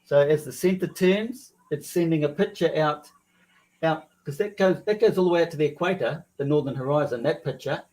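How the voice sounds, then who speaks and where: A man presenting his ideas in a casual panel discussion, excitable and often trailing off mid-sentence. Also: fairly high pitch, fairly quick. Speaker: guest presenter.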